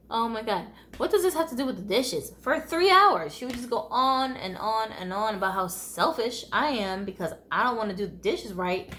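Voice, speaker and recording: A woman's voice: on the high side, expressive, normal speed, few pauses, fairly bright tone. A woman from the United States telling her life story in a candid, conversational vlog, often laughing wryly.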